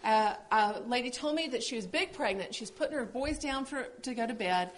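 A woman with a high, lively voice that swoops around a lot, co-hosting a relaxed parenting chat. She tells stories earnestly and expressively. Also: a little fast. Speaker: podcast co-host. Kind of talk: casual chat about parenting.

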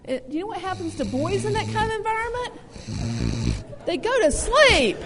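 A woman's voice: very high-pitched, huge pitch swings, measured pace, long reverb tail, a crowd in the background. A middle-aged woman co-hosting a casual parenting talk, explaining earnestly with playful asides. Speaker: co-host.

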